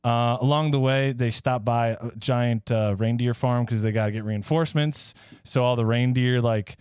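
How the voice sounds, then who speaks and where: Rambling podcast host with a smooth voice. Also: male voice, medium pitch, fairly even intonation, moderate pace, a little mellow, dry recording, clean studio sound. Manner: rambling, filler-heavy storytelling. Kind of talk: casual comedic chat.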